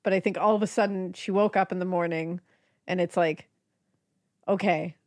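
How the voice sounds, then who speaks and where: A woman's voice: lowish voice, fairly even intonation, brisk, dry recording, clean studio sound. A woman co-hosting a casual true-crime chat, thinking aloud in restarts. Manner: reflective, talks in restarts and reacts strongly. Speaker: podcast co-host.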